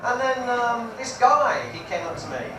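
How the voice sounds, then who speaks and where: A man's voice: extremely high pitch, lively intonation, normal speed. A man in his forties doing a stand-up comedy set on stage, brash and crude with his punchlines. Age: 40s. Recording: echoey live room from far off, audience noise.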